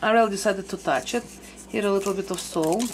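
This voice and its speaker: A woman's voice: mid-range voice, brisk, a little hiss or hum. A woman hosting a casual family vlog, chatty, with slightly non-native phrasing. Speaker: vlog host.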